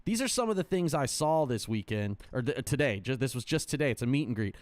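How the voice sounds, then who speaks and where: A man co-hosting a casual podcast, talking in an animated, rambling way with lots of restarts. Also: mid-range voice, fast talker, dry recording. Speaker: co-host.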